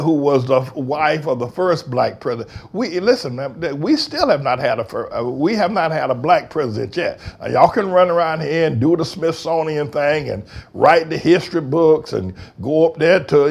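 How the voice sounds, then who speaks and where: A man hosting a talk show, delivering a fiery, mocking monologue in slangy speech that breaks into shouting. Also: fairly high pitch, animated, normal speed, creaky, few pauses. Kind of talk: heated monologue.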